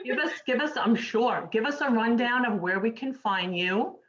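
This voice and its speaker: A woman's voice: on the high side, normal speed. A woman hosting a casual video-call interview, friendly and effusive, a little flustered. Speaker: host. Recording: dull lo-fi video call audio.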